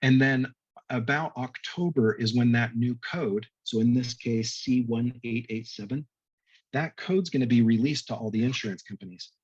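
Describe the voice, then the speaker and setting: A man's voice: mid-range voice, moderate pace, husky, no room sound, lo-fi sound. A man on a virtual industry panel, explaining billing codes step by step in a conversational way over a video call. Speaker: medtech reimbursement panelist.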